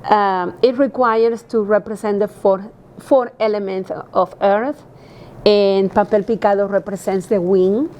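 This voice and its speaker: A woman's voice: medium pitch, fairly even intonation, measured pace, darkish tone. Earnest teacher woman. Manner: earnest, hesitant with fillers. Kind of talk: explaining to camera.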